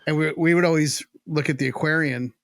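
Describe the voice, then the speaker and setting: A man's voice: fairly high pitch, steady tone, brisk, vocal fry, no room sound, clean studio sound. A man from New Jersey who hosts a radio show and tells stories with enthusiasm. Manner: enthusiastic storyteller, talks over others. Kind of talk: casual chat.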